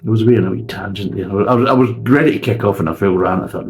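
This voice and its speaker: A man's voice: fairly low pitch, fast, darkish tone, a little hiss or hum, rough recording. A man reviewing a beer in a casual, sweary, ranting way.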